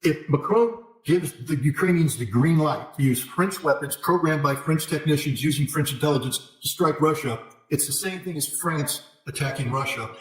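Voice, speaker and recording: A male interview guest giving forceful political commentary, hammering points with repetition and sarcastic asides. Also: fairly high pitch. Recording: echoey room.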